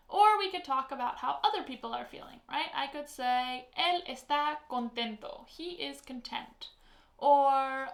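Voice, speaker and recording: A woman teaching a Spanish lesson, explaining slowly and patiently, with spoken example phrases. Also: high-pitched, a bit bright, reverberant. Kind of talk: online language lesson.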